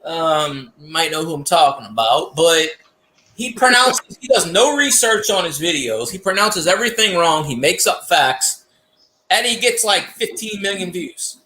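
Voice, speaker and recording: High bright man ranting. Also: moderate pace, roomy sound. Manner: animated storytelling with rants and cursing. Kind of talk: casual livestream chat.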